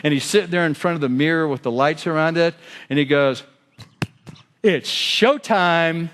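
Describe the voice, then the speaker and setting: A man's voice: fairly high pitch, steady tone, fast. A man giving a keynote speech on sales, telling stories and questioning the audience. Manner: storytelling with quoted voices and audience questions. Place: large hotel ballroom. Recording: long hall reverb.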